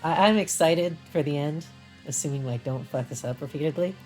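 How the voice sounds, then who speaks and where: A woman's voice: low voice, fairly quick, a little mellow, faint music behind, low-quality recording. A woman streamer chatting casually and with amusement while playing a game, full of fillers.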